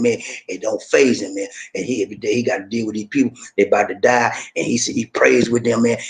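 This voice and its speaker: A man hosting a casual livestream, reading out viewer comments and chatting back in an animated, drawling way, often tossing in "man". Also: mid-range voice, creaky. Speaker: vlogger reading live chat.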